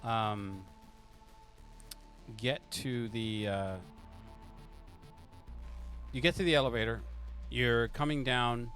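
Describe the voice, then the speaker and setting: Man, game master, improvised scene narration, mid-pitched voice, faint music underneath. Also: a bit bright. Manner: loose, improvised, halting narration.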